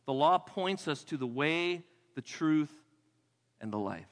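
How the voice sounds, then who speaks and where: A male pastor preaching a sermon in a church with emphatic delivery, repeating key phrases and dropping to a hush for weight. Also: high-pitched, lively intonation, moderate pace. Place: church sanctuary. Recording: long hall reverb.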